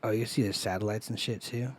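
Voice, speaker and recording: A man co-hosting a casual podcast chat, excited and swearing freely as he nerds out. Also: fairly low pitch, quick pace, slightly rough. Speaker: podcast co-host.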